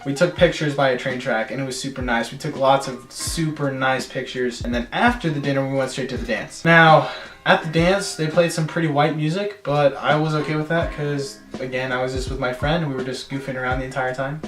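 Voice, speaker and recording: A young man in his teens telling a story in a casual vlog, animated and chatty, slipping into silly voices now and then. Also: medium pitch, fairly quick, reverberant, faint music behind. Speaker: storytelling vlogger.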